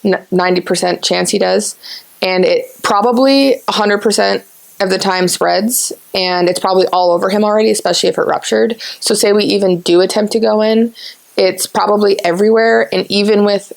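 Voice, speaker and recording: A woman's voice: medium pitch, steady tone, a little fast, gravelly. A woman in her twenties hosting a podcast, telling a story at length in casual chat. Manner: talkative, rambling storyteller. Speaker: podcast host.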